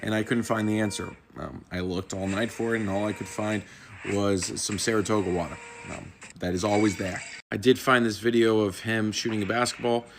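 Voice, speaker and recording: A man's voice: lowish voice, level tone, brisk, background noise. A man giving a casual, wry commentary that explains a viral meme, chuckling now and then. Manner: amused, wry, chuckles at times. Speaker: internet commentator.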